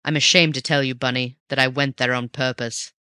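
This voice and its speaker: A reader voicing a suave, mocking gentleman thief. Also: medium pitch, fairly even intonation, a little fast, smooth, no echo, studio quality, natural voice. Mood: wry. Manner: snarling and teasing by turns. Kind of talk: audiobook dialogue reading.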